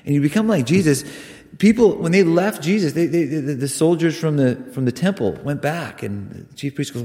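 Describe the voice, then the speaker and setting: A man preaching a sermon, earnest and emphatic, with sudden loud rises on key words. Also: mid-range voice, lively intonation, brisk. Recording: long reverb of a hall.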